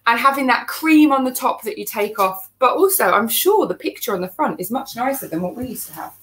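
A woman's voice: fairly high pitch, lively intonation, brisk, a bit bright, echoey room. A woman, co-hosting a home cooking video in casual, rambling chat. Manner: chatty, giggly, rambling asides. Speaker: cooking show co-host. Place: home kitchen.

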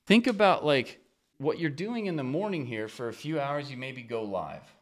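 A middle-aged man coaching viewers on selling online courses, talking straight to camera in a chatty, persuasive way and often acting out the pitches he suggests. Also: lively intonation, moderate pace. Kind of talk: talking-head marketing talk to camera.

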